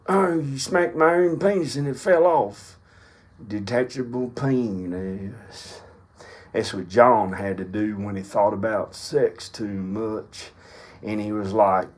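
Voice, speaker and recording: A man rambling through a silly comedic monologue, often breaking into high giggling fits. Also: unhurried, a little mellow. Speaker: comedic video maker.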